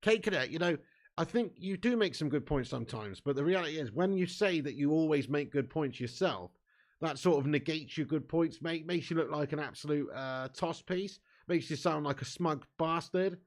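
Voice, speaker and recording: A young man hosting a live football watch-along, bantering with his chat and swearing freely, getting loud when a chance comes. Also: on the high side, normal speed.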